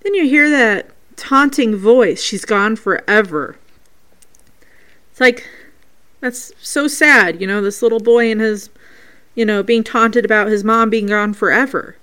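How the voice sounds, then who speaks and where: A woman's voice: on the high side, unhurried, a bit bright, clean tone. A woman hosting a paranormal show, earnestly reading out a listener's ghost recording and breaking down each sound step by step.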